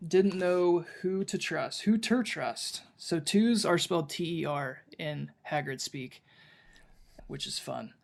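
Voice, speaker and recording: A male podcast co-host chatting casually about a book, rambling along and stumbling into restarts as he reads passages aloud. His voice has a gravelly fry and sits a touch higher than most men's. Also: steady tone, slow.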